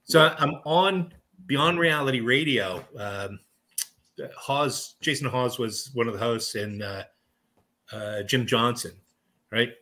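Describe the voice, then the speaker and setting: Middle-aged male guest, casual lively storyteller, bright edge, mid pitch. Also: slow pace. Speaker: guest, paranormal investigator. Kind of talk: casual interview chat.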